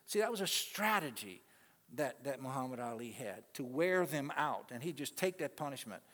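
A male pastor preaching a sermon to his congregation, swinging between loud, emphatic peaks and quiet asides and calling out to the people in the pews. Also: mid-range voice, sing-song, moderate pace. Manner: calls out to the congregation. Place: church sanctuary. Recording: long reverb of a large hall.

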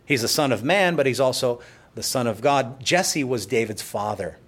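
A pastor preaching a sermon in church, explaining scripture in a conversational way with playful asides. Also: male voice, medium pitch, expressive, moderate pace, a bit bright.

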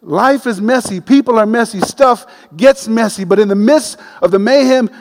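A man preaching a sermon, telling a story with animated, humorous delivery. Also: high-pitched, moderate pace. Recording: long reverb of a large hall.

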